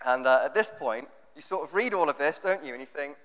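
A man preaching a sermon, reading scripture and explaining it in a conversational, animated way. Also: on the high side, fairly quick, few pauses. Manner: conversational, animated with rhetorical questions. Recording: long reverb of a hall.

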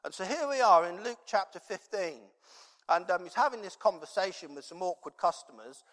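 A man with a high voice preaches conversationally, wandering through a personal story with plenty of ums and restarts. His voice rings out with a long reverb, as if he were in a large hall. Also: expressive, a little fast, a bit bright. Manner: rambling, conversational, many fillers.

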